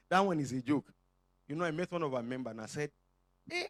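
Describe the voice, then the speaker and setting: A man's voice: fairly high pitch, lively intonation, moderate pace, pauses often, dry recording. A male pastor with a Nigerian accent preaching a sermon to his church, joking and calling for responses from the congregation.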